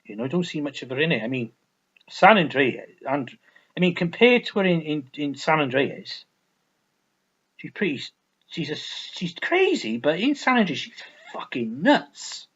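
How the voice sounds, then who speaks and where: A man's voice: on the high side, sing-song, unhurried, a bit bright, husky, highs cut off. A man ranting casually about old video games, rambling, swearing a lot and repeating himself. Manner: rambling, profane, repetitive. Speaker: gaming vlogger. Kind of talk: casual game review rant.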